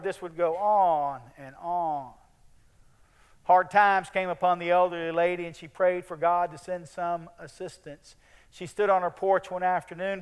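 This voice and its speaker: Clear, high-voiced male preacher. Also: fairly even intonation, moderate pace, in a large hall. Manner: earnest, trailing off softly at phrase ends. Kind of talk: sermon.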